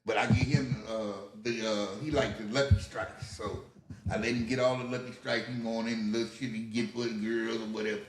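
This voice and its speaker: This older man's voice sits fairly low, with little pitch movement and a slightly fast pace, plus a faint hiss or hum. Chatting casually on a podcast, he recounts his youth, acts out others' voices, swears freely and laughs frequently, all in an echoey room.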